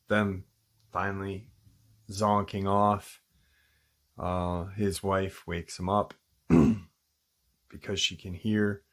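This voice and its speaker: A man hosting a channel, casually retelling a listener's encounter in a halting way, with frequent ums and restarts. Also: sits low, a bit bright. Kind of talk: casual spoken storytelling.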